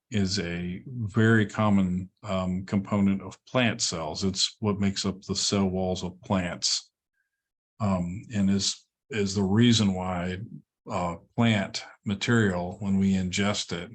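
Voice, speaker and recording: Low-voiced man giving a lecture. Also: husky. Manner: relaxed, repeats words, many ums and okays. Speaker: college instructor. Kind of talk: classroom lecture.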